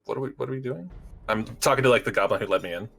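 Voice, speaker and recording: A man's voice: mid-range voice, racing, gravelly, a bit bright, faint music behind. A man playing a tabletop game, talking casually and thinking aloud with hesitations. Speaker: player.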